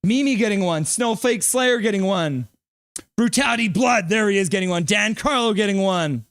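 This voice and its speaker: A man with a high voice runs his own live hockey stream. He calls the action in an eager, rapid play-by-play and reads out viewers' names and comments as they come in. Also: lively intonation, a bit bright, clean tone, no echo, studio quality.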